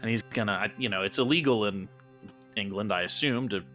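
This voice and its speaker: A man's voice: fairly low pitch, a little fast, fairly bright tone, faint music behind. A man narrating as game master of a tabletop game, loose and rambling with many restarts.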